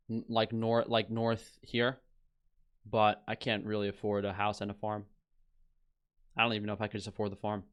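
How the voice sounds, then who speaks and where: A man's voice: on the low side, a bit bright, clear, resonant tone. A young man streaming, ranting with scorn and heavy swearing as he reads headlines aloud. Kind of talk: casual ranting commentary.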